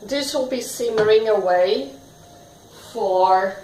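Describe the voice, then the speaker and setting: Woman hosting a self-filmed cooking video; slow, chatty and self-mocking, in an echoey kitchen. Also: medium pitch, warm tone, a little hiss or hum. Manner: chatty, self-deprecating asides to the viewer. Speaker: cooking show host. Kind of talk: casual cooking demonstration. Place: home kitchen. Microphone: self-filmed camera. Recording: roomy echo, faint background music.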